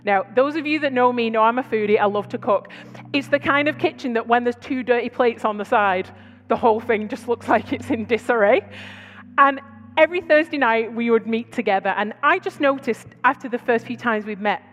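A British woman preaching to her church, telling stories in a chatty, conversational way with quick asides. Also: fairly high pitch, fairly bright tone, big-room sound, dull audio, faint music behind. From Britain. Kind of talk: sermon. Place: large church hall.

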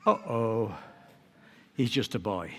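A sarcastic, doubting king scoffs, played by a preacher. His pitch swings widely, and the sound reverberates around a big hall. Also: very animated, unhurried, heavily acted. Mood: doubtful. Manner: sarcastic, dismissive. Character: doubtful middle-aged king, dry and sarcastic. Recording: long reverb of a large hall.

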